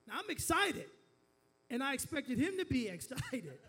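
A pastor preaching a sermon tells a family story, his voice very high-pitched and very animated, with a sharp, breathy edge at a moderate pace. He keeps stumbling into stammered restarts and calls on the congregation to repeat after him in a call-and-response style.

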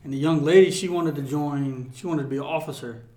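A man's voice: on the high side, fairly quick. A man co-hosting a podcast, telling stories in casual chat with lots of swearing and laughter. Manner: animated storytelling, profane, laughing. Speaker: podcast co-host. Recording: roomy echo.

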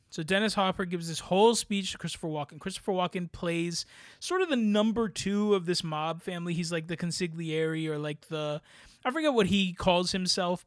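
A man co-hosting a casual movie podcast, giving blunt, animated opinions with slangy asides. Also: high voice, no echo, studio quality. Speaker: podcast co-host. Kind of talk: casual chat.

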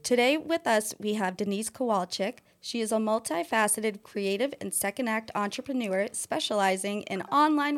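A woman co-hosting a podcast, reading an intro in a polished voice and chatting casually and agreeably. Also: medium pitch. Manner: polished read-out intro, then relaxed and agreeable. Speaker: podcast co-host. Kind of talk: casual chat.

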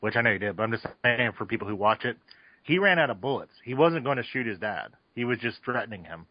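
A man's voice: mid-range voice, animated, fast, no echo. Man, podcast co-host, wry sarcastic film chat, dry close sound, dull lo-fi audio. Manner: wry, sarcastic quips with casual swearing. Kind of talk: casual film-review chat.

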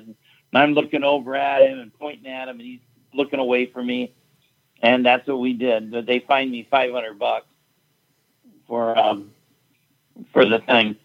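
A man's voice: medium pitch, moderate pace, vocal fry, dull audio. Blunt profane man telling a story. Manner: blunt, profane, recounting quarrels with rising heat. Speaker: fight event promoter. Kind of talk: casual storytelling.

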